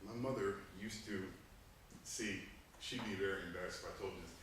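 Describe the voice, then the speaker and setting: A man in his thirties, from Panama, giving an animated humorous speech to a club, laughing between lines. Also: deep voice, a little fast. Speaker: club speaker. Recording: echoey room, distant mic, faint noise.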